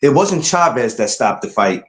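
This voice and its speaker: A man's voice: medium pitch, normal speed, reverberant. A man hosting a podcast, talking boxing in a casual, emphatic way. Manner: animated, emphatic, rising to incredulous outbursts. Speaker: podcast host.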